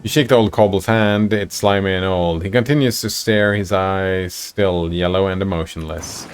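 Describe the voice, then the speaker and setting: A man's voice: low-pitched, normal speed, a little hiss or hum. A man streaming a text adventure game, reading the story aloud and chatting casually with his viewers. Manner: casual, reads narration and chats with viewers.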